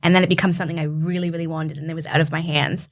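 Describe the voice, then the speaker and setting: Earnest young woman, lowish voice. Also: flat delivery, very fast. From Canada. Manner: earnest, heartfelt storytelling. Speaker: podcast guest. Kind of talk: casual interview chat.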